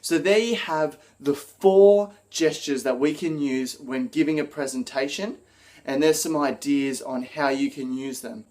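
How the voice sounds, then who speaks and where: A man presenting an instructional video on public speaking, energetic and acting out example lines as he explains. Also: fairly high pitch, unhurried.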